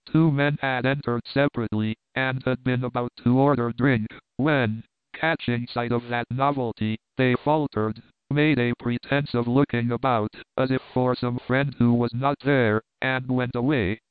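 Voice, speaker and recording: Man reading a classic novel, measured, even, dry close sound, tinny phone-like audio. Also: mid-range voice, smooth, no room sound. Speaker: audiobook narrator. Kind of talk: scripted classic-novel narration.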